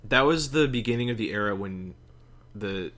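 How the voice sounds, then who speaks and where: A young man co-hosting a podcast, chatting in a playful, animated way and swearing freely. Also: lowish voice, moderate pace. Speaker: podcast co-host. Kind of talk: casual chat.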